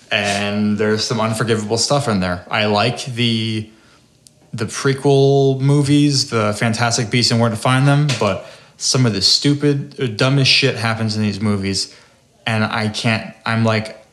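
A man's voice: lowish voice, steady tone, measured pace, fairly bright tone, slight background noise. Man, podcast host, swearing rant, exasperated, echoey room. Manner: profane, ranting, exasperated. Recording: roomy echo.

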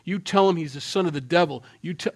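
A man puts on a furious divine voice that barks urgent orders. It comes out raised and loud, each command pressed hard. It stays close to his own preaching voice. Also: on the high side, quick pace, dry recording, voice pushed up.

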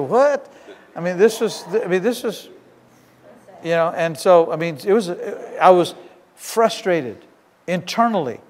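A man preaching a sermon as pastor, telling a story in an animated way that swings between loud and hushed. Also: high-pitched. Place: church sanctuary. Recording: long church reverb. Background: congregation shouting.

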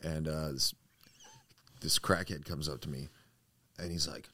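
A man's voice: rumbling low, steady tone, a little slow, pushed and bright, no echo. A young man, a podcast guest, telling a profane story with lots of acted-out quotes. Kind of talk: casual storytelling.

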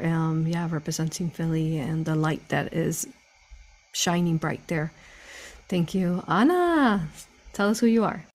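A woman hosting a roundtable on a video call, gushing and affirming as she introduces her guests. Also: mid-range voice. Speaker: host.

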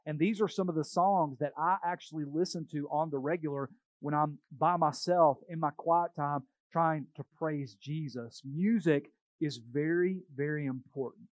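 Male pastor, casual sermon delivery, fairly high voice, dry sound. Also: moderate pace, dry recording, highs cut off. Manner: conversational storytelling preaching.

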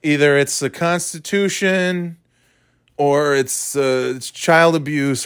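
A man's voice: fairly high pitch, fairly even intonation, takes it slowly, fairly bright tone, smooth, no echo, clean studio sound. A man giving casual, sarcastic commentary on a clip, swearing freely. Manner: sarcastic, swears, mocks with put-on voices.

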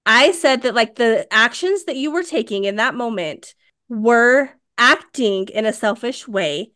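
A woman's voice: a little high, measured pace. Chatty woman telling a story. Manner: animated storytelling, acts out quoted dialogue. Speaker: podcast co-host. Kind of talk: casual podcast chat.

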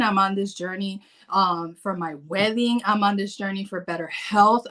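A woman in her forties talking casually to camera in a vlog, animated and playful. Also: medium pitch. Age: 40s. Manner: animated, playful, acts out her own inner voice. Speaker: fitness vlogger.

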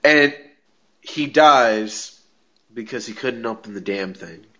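A man co-hosting a podcast, casually recapping a TV episode in a rambling way, full of "like" and quick laughs. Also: medium pitch, bright, forceful tone. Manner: rambling, heavy on filler "like", laughs often. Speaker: podcast co-host. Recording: dull lo-fi audio.

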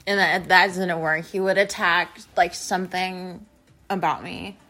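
A young adult woman vlogger rambles straight to her viewers in a casual confessional monologue full of fillers. Her voice sits on the low side with fairly even intonation and a measured pace, sounding pushed and bright. Faint music plays behind her.

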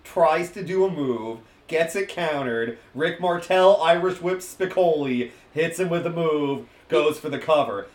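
A man's voice: on the high side, animated, unhurried, few pauses. A man co-hosting a podcast, recapping wrestling in a joking, crude, casual way. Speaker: podcast co-host. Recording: roomy echo.

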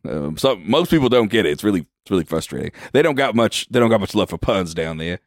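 A man's voice: on the low side, animated, fast, noisy background, natural voice. A man voicing a pun-loving male penguin innkeeper who talks in a folksy, eager way.

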